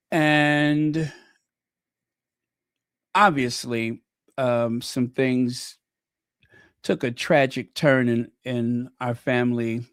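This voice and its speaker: A man's voice: medium pitch, no room sound. A man hosting a casual livestream, chatting in a rambling way with many fillers and restarts, close to the mic. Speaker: channel host.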